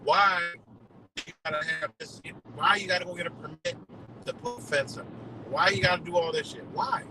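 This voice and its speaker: A man's voice: sits high, sing-song, normal speed, over music, poor audio. A man on a live stream delivering a heated, profane rant full of rhetorical questions. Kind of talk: ranting monologue.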